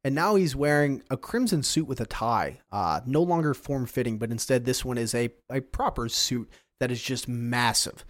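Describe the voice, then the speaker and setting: A man narrating a tabletop game as game master, casual and chatty. His voice sits at an ordinary middle pitch. The recording is dry and close. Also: lively intonation, moderate pace, hardly any pauses, dry recording.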